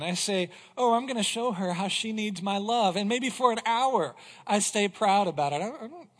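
A man with a fairly high voice preaches a sermon, reading scripture with earnest, rising emphasis. His voice rings out with a long reverb in a church sanctuary. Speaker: pastor.

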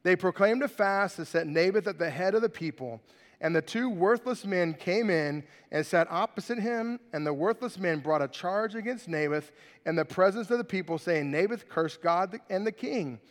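In a large hall, a pastor preaches and reads scripture, giving the characters animated voices. His male voice sits high, and he speaks at a moderate pace.

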